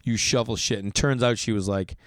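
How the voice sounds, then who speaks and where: Man, Boston accent, podcast host, rambling storyteller, smooth voice, dry close sound. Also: on the low side, brisk, no room sound. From Massachusetts. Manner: animated, profane, lots of "like" fillers. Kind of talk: casual storytelling monologue.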